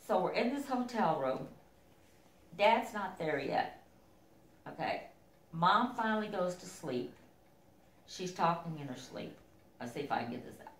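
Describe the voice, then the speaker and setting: A middle-aged woman telling family memories in a halting, casual way, full of fillers and acted-out quotes. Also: on the low side, big pitch swings, reverberant.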